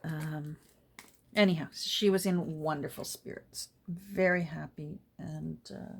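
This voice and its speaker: Middle-aged woman, somewhat low voice, relaxed and chatty, talks to her craft supplies as she works. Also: takes it slowly, vocal fry, a little hiss or hum. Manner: chatty and rambling, soft asides to her materials. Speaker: junk journal crafter and vlogger. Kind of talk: casual chat while crafting.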